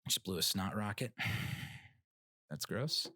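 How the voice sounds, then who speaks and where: A man's voice: lowish voice, expressive, slow, bright, forceful tone, no echo, clean studio sound. A young man hosting a casual solo podcast, rambling through opinions with restarts, fillers, casual swearing and laughs at his own jokes. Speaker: podcast host.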